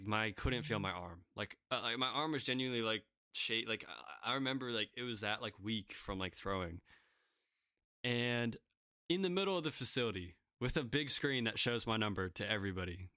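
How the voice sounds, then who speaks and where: A man's voice: medium pitch, pushed and bright, no echo, clean studio sound. A young man casually telling self-deprecating stories, rambling with lots of fillers. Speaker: podcast guest pitcher. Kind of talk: casual storytelling.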